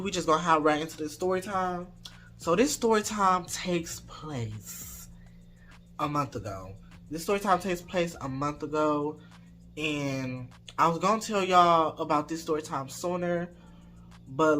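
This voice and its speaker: Mężczyzna opowiada anegdotę na vlogu, luźno, z dużą ilością slangu i przekleństw, z zapałem. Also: male voice, on the high side. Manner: animated, laid-back slang and swearing. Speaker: storytime vlogger. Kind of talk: casual storytelling.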